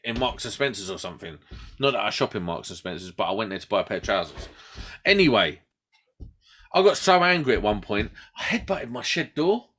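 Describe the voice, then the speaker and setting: British male podcast host; animated storyteller who shouts out quoted lines. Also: fairly low pitch, brisk. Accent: British English. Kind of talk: casual chat.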